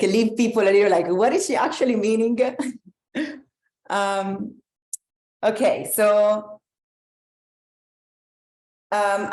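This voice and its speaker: An embodiment and movement coach with an Italian accent gives a reflective live talk to an online group, pausing and restarting often. Her voice is mid-range and a little mellow, and the sound is roomy.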